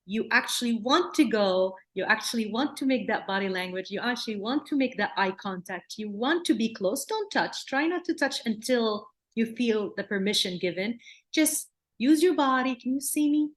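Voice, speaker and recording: A woman from Palestine, a clinical psychologist giving a workshop lecture in an earnest way, often repeating words and slipping into gentle soothing phrases. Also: a little high, lively intonation, normal speed. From Palestine, raised in Jordan.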